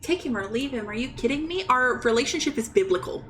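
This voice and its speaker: A woman's voice: a little high, expressive, fast, a bit bright, slight background noise. A young woman giving casual, emotional commentary on a game playthrough, giggly and swearing freely. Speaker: gaming streamer.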